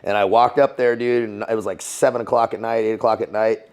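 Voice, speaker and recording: A man's voice: fairly low pitch, fairly even intonation, fast talker, darkish tone, clear, resonant tone. A man guest in a casual interview, telling a story in slangy, swear-filled talk with frequent laughs. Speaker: guest, former Navy SEAL and Foreign Legionnaire.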